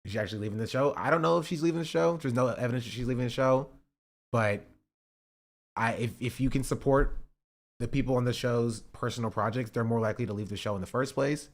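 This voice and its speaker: A man's voice: medium pitch, fast talker. Joking man streaming to his chat. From North Carolina, US. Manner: joking, talks back to chat. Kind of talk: casual live-stream reaction commentary.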